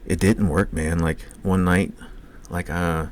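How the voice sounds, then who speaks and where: A man's voice: deep voice, fairly even intonation, takes it slowly, slight background noise. A man with a Cajun accent telling rambling, profane personal stories on a casual podcast. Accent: Cajun English. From Louisiana. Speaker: podcast co-host.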